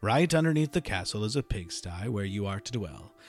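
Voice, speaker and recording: A man voicing a steady, wise magic bull who gives calm orders. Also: on the low side, fairly quick, faint music behind. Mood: instructing.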